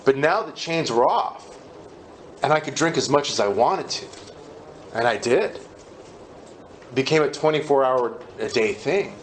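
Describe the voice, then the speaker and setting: A man candidly telling his personal recovery story in a conversational, halting way at a meeting. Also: medium pitch, animated, slight background noise.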